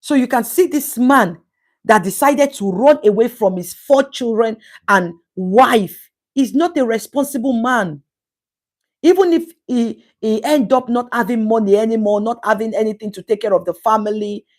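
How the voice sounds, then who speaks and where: A woman's voice: on the high side, normal speed, a little mellow. A woman with a Nigerian English accent hosting a live stream and reading viewer comments. She talks in an emphatic, preachy way and repeats words for stress. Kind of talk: casual live-stream talk.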